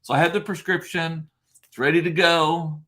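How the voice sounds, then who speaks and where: A man with a deep, gravelly voice hosting a casual livestream, rambling chattily through viewer comments with plenty of fillers and self-deprecating asides. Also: steady tone, moderate pace, fairly bright tone. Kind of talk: casual chat.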